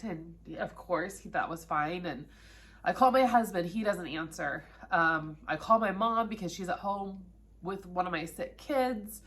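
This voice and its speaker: A fairly low, slightly bright voice belongs to a thirties-aged vlogger telling the camera about her own cancer. She speaks a little slowly, candid and chatty, frequently becoming emotional.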